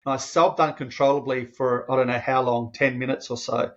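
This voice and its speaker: Medium in pitch and a little fast, this man's voice comes through dull audio. He's a 50-something podcast guest telling his own story with earnest feeling, repeatedly restarting phrases and perking up when he quotes what he once said.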